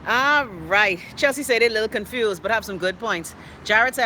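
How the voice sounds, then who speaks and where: Bright-voiced Bahamian woman host. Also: a little high, moderate pace, hardly any pauses, a little hiss or hum. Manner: chatty and outspoken, with playful dialect asides. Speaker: host of a live online show. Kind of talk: casual live-stream chat reading viewer comments. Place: indoors.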